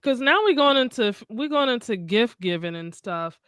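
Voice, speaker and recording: A woman's voice: on the high side, lively intonation, moderate pace, a bit bright, clean tone, no echo, studio quality. A woman co-hosting a podcast, giving blunt, slangy dating advice in casual chat. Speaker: podcast co-host.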